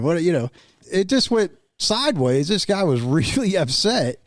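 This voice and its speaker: A man's voice: on the high side, lively intonation, moderate pace, no room sound, clean studio sound. Chuckling man telling anecdotes. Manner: chuckling, laid-back anecdotes. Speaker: guest. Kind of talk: casual storytelling.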